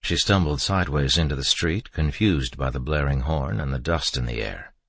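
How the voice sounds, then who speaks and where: A male narrator reads a first-person horror audiobook with a strikingly deep, low voice. His delivery is steady and measured, recorded close and dry with no room sound. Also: gravelly, no echo.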